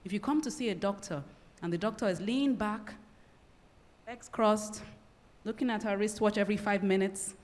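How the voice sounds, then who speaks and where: A woman giving a public lecture, explaining and acting out short example conversations in a lively way. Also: medium pitch, moderate pace, long pauses. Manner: animated, acts out short example dialogues. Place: lecture hall. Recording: long reverb of a lecture hall.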